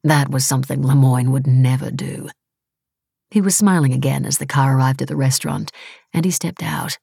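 A woman reading a novel aloud in steady, wry, measured audiobook narration. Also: very deep voice, gravelly, breathy edge, no room sound, studio quality.

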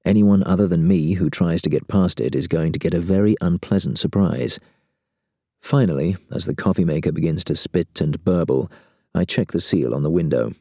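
A man narrating a first-person story in a wry, deadpan way. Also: deep voice, normal speed, husky, dry recording, studio quality.

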